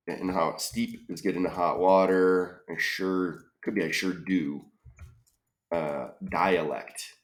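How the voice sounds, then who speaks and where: Slow, low-voiced man thinking aloud. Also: steady tone. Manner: muses tentatively, trailing off with questions. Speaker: crossword solver. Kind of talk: thinking-aloud puzzle solve.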